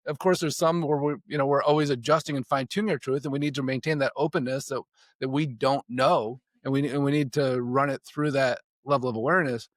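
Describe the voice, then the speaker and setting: A man's voice: medium pitch, fairly quick, dry recording, studio quality. A man talking casually and reflectively as a podcast guest, rambling with restarts. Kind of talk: casual conversation.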